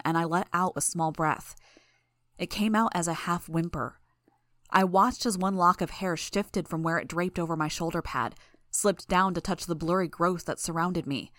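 A woman reads a tense first-person action story aloud. Her voice sits a little low for a woman and stays steady. The sound is dry and close, with no room echo. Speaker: audiobook narrator. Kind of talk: first-person fan audiobook narration.

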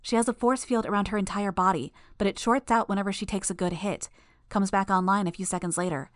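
A woman's voice: medium pitch, steady tone, quick pace, no room sound, clean studio sound, lightly acted. A woman voicing a clever, smug young villain who speaks in a strained, injured way, in an audiobook. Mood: knowing. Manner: strained, knowing. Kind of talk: audiobook character voice.

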